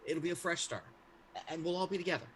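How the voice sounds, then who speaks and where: A man's voice: a little high, fast, fairly bright tone, a little hiss or hum, close to an everyday voice. A man voicing an earnest, hopeful teenage boy hero in a fan table read of a film script. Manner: earnest, pleading.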